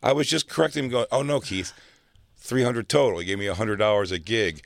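A man from South Jersey telling a long, animated comedy anecdote and acting out other people's lines. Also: on the low side, brisk, creaky, no room sound, studio quality. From South Jersey, near Philadelphia. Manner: animated anecdote teller, acts out quotes. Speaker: comedian guest. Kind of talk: casual storytelling chat.

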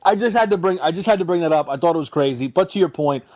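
A man's voice: on the high side, animated, very fast, darkish tone. A man co-hosting a sports radio show, teasing his partner in joking banter. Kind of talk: casual sports chat.

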